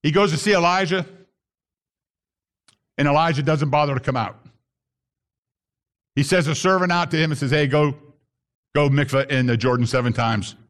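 Impassioned male preacher, rather high voice. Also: moderate pace, long pauses. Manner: impassioned, rising to shouts on key phrases. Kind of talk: sermon.

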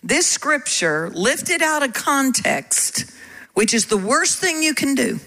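A woman preacher delivers a spirited sermon. Her voice sits a little high and rings bright and forceful. She keeps turning to the congregation with questions. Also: takes it slowly, rough recording. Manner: animated, calls out to the congregation.

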